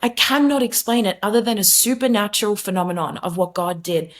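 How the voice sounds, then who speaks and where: A woman's voice: mid-range voice, fairly quick. Earnest young woman sharing testimony. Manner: earnest, emphatic, many fillers and restarts. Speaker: podcast guest. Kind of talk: candid testimony in conversation.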